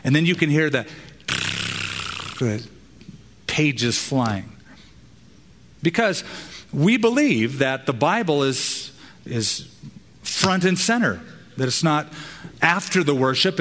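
A pastor preaching a sermon with emphatic, dramatic pauses. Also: male voice, a little high, fairly bright tone. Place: church auditorium. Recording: long hall reverb.

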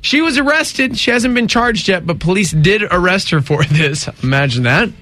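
A man's voice: sits high, expressive, moderate pace, bright, forceful tone, no echo. A man hosting a morning radio show, chatting casually in a wry, joking way.

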